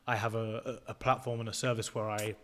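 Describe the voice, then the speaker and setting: A man's voice: lowish voice, little pitch movement, brisk, a bit bright. A 22-year-old man, a podcast guest who lays out his views step by step in a casual, assertive way and swears freely.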